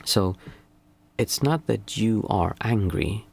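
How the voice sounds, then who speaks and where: A man's voice: on the low side, expressive, takes it slowly, gravelly, breathy edge. A man who is a meditation teacher and a father of small children, giving a reflective, casual talk and searching aloud for the right words. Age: young adult to middle-aged, father of small children. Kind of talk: casual spoken teaching on a livestream.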